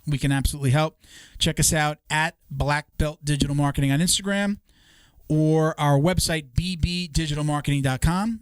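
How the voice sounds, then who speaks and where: Relaxed man hosting a podcast, smooth voice. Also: on the high side, no echo, studio quality. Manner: easygoing, reads sponsor copy with fillers. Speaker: podcast host. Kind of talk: casual podcast chat and sponsor reads.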